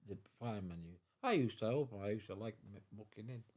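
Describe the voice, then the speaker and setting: A very old man speaks in a low, dark, mellow voice. He tells his story haltingly, stumbling over and repeating words, and slips into the voices of the people in it. He sits at home in his living room. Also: dull audio. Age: 90s. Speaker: veteran guest. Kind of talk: storytelling in an interview.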